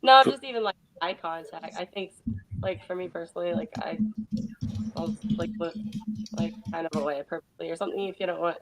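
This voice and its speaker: A woman's voice: fairly low pitch, fairly quick, background noise. A woman calling in as a guest on a livestream talk show, talking hesitantly with lots of "like" and restarts. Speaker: call-in guest. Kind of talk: casual chat.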